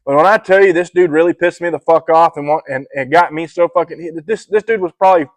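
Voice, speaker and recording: A young man with a slightly high voice chats loosely on a podcast, swearing freely and clearing his throat between thoughts. The sound is dry and close to the mic. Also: fast, no room sound, poor audio. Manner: profane storytelling, clears throat often. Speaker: podcast co-host. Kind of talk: casual chat.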